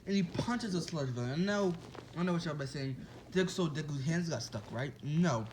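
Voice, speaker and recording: Man telling a made-up story off the cuff, rambling and chatty, slightly high-pitched. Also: brisk, a little mellow, slight background noise, rough recording. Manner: rambling, with restarts and asides to listeners. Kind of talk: casual improvised fan-fiction storytelling.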